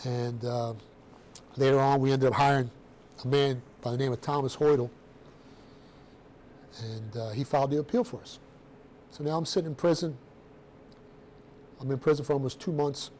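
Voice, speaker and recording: A middle-aged man telling his own story to a room of students in a blunt, streetwise, animated way, with casual slang. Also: medium pitch, moderate pace, pauses often, slight background noise. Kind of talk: personal storytelling talk to students.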